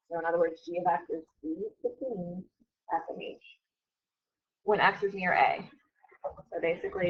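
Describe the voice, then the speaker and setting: A woman teacher giving a casual classroom math lecture, chatty and often correcting herself. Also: fairly low pitch. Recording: dull lo-fi recording.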